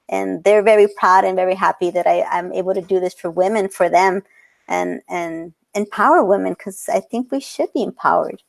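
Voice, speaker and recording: Brief: thirties woman, interview guest, earnest, quick to laugh, mid-pitched, slips Spanish words into English. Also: vocal fry. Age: 30s. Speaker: guest, portrait photographer. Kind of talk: casual interview talk.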